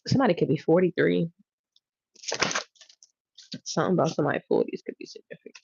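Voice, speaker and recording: A woman's voice: lowish voice, a little fast, creaky, pauses often, a little mellow, husky, no echo. Laughing, teasing woman reading tarot live. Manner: laughing, drawling, teasing, repeating phrases. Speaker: livestream tarot reader. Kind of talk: casual livestream chat. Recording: dry, dull lo-fi sound.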